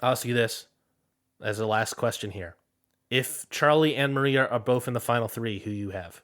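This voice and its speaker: A man's voice: mid-range voice, normal speed, fairly bright tone. A man co-hosting a podcast in casual chat, analytical and quoting stats he has looked up. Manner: analytical, quotes stats he looks up. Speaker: podcast co-host.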